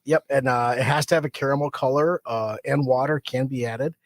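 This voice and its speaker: A man co-hosting a casual podcast chat, explaining rules step by step and slowing down to read passages aloud. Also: medium pitch, steady tone, no echo, studio quality. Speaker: podcast co-host. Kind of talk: casual chat, reading out facts.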